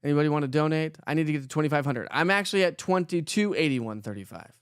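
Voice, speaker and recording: A man from Colorado hosts a morning weather livestream, his voice on the high side, quick and smooth, recorded in studio quality with no echo. He chats casually as he reads viewer comments, joking around upbeat and greeting people by name.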